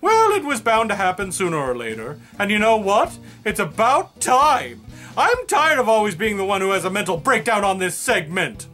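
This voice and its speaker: A man's voice: high voice, sing-song, normal speed, sharp tone, soft background music, exaggerated voice. A man voicing an exasperated male puppet host who reads listener suggestions with dry sarcasm in a comedy sketch. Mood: sarcastic. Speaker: segment host.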